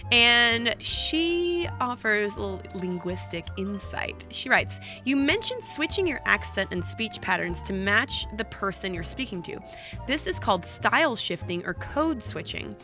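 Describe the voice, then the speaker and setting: A woman's voice: a little high, bright, forceful tone. A woman co-hosting a podcast, chatting casually with restarts and reading listener mail aloud. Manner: chatty, restarts and repeats words. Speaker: podcast co-host.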